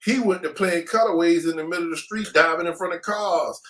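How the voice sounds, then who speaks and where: A man with a high voice tells his story casually as an interview guest. His talk is slangy and animated, and he acts out the sounds himself. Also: a little fast.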